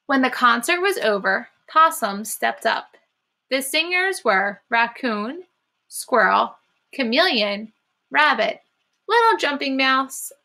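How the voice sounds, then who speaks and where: Encouraging woman teacher reading aloud, gravelly. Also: fairly high pitch. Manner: encouraging, warm praise to young listeners. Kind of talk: reading a storybook aloud to children.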